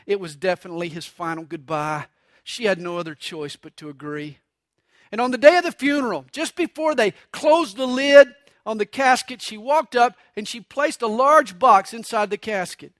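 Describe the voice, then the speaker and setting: High-voiced bright preacher telling stories. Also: male voice, no echo, clean studio sound. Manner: storytelling with jokes, shifts to acted voices for quotes. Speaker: pastor. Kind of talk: sermon.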